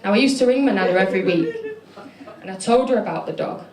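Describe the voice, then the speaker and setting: A young woman from Manchester, England, does stand-up on a comedy club stage, telling stories in a chatty, self-deprecating way with lots of fillers. She speaks fast in a medium-pitched, slightly mellow voice with lively intonation. The venue is echoey, and the crowd can be heard laughing.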